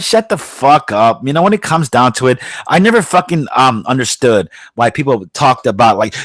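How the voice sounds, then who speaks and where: A man's voice: on the high side, big pitch swings, moderate pace, a bit bright, no echo. Profane New man ranting. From New York. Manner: profane, blunt, heated ranting. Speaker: podcast host. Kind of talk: casual podcast rant.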